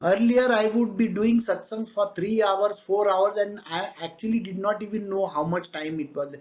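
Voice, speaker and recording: Animated Indian English spiritual teacher. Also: mid-range voice, normal speed. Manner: animated, acts out quoted people; laughs often, mixes in Hindi asides. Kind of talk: devotional discourse.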